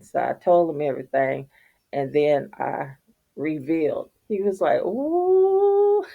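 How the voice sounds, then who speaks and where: A woman's voice: a bass voice, a little slow, creaky, narrow, tinny audio. A middle-aged woman, telling viewers a casual, profane story and laughing often. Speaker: vlogger.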